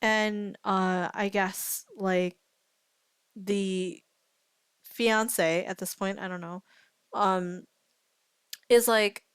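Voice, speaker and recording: A woman's voice: mid-range voice, fairly even intonation, drawn-out words, pauses often, clean tone, dry recording, clean studio sound. A woman streamer chatting casually, thinking aloud and greeting her chat viewers. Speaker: streamer reacting to a story video.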